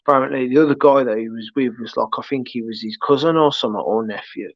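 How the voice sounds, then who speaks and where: A man's voice: mid-range voice, fast talker, no room sound. Rambling Brummie man telling a story. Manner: rambling anecdote full of restarts and asides. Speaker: livestream host. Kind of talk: casual storytelling chat. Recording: dull lo-fi dry stream audio.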